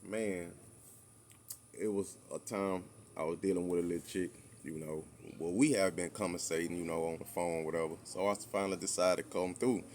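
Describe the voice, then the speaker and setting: A man's voice: low-pitched, steady tone, moderate pace, a little mellow, slight background noise. A man co-hosting a podcast, talking in a laid-back, drawling way full of fillers. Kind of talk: casual podcast chat.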